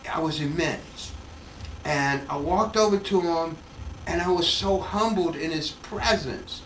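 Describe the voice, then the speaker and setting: An older male comedian telling an animated story in an interview at home, acting out the voices, recorded off-mic in an echoey room. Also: on the high side, far from the mic, a little hiss or hum. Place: his home.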